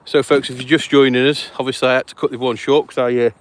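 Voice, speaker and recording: A man's voice: mid-range voice, little pitch movement, quick pace. A man hosting a live event outdoors by a lake, out of breath and chatty, apologizing as he talks. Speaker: host. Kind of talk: live on-the-move commentary.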